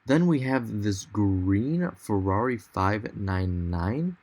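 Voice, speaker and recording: A man's voice: lowish voice, animated, slow, a little mellow. A young man casually narrating a virtual dealership tour, enthusiastic and loose, thinking aloud as he goes. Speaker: car vlogger.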